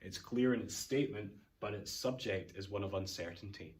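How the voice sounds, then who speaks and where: A man's voice: on the low side, normal speed, darkish tone. A man with a Scottish accent, an English teacher, explaining a poem line by line in a recorded revision lesson, in an informal way with Scots words.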